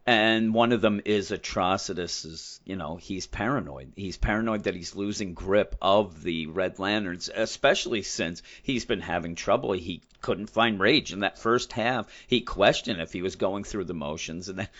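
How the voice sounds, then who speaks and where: A man co-hosting a casual podcast about comics, talking in an animated way and sometimes acting out lines from characters. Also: low voice, moderate pace, few pauses. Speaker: podcast co-host. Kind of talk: casual comic book discussion. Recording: dull lo-fi sound.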